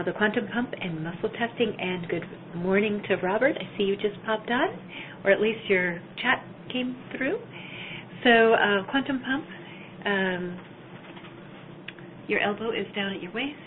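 A woman from Minnesota teaching a live online energy healing class in an enthusiastic, chatty way with many fillers. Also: medium pitch. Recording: tinny phone-like line, faint noise.

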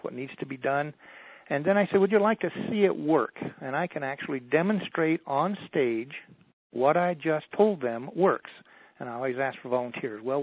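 A man telling stories as a motivational speaker in a radio interview, in a folksy, animated way. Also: medium pitch, breathy edge, no room sound. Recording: dry, tinny phone line.

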